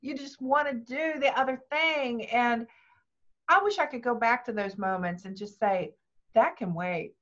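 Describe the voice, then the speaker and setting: A woman's voice: on the high side, normal speed. An older woman, a grandmother, speaking as a guest and telling personal stories, acting out what people said. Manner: lively, acts out quoted dialogue. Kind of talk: personal storytelling interview. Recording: dull lo-fi sound.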